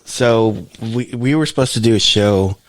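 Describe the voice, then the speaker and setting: Brief: man, low voice, dry close sound, casual rambling podcast co-host. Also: dry recording. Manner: rambling, halting, frequent restarts. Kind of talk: casual chat.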